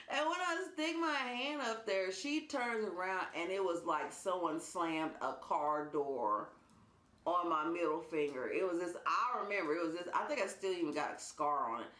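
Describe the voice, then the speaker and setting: A woman vlogger telling a personal story in a casual, animated way, laughing as she goes. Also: lowish voice, normal speed. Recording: roomy indoor echo.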